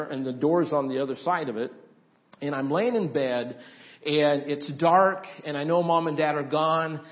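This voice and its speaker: Pastor telling a story in a sermon. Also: male voice, a little high, muffled recording. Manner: storytelling, builds up tension then softens to a gentle invitation.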